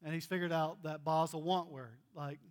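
A man preaching a sermon, telling stories earnestly and swinging between loud emphasis and hushed asides. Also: on the high side, steady tone, normal speed. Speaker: pastor.

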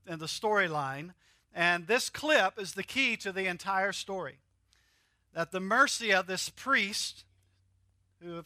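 A man's voice: fairly high pitch, bright, forceful tone, no room sound, clean studio sound. A man with a Southern US accent preaching a sermon, joking with the congregation and having them repeat words after him. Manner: joking, teaching with call-and-repeat. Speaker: pastor.

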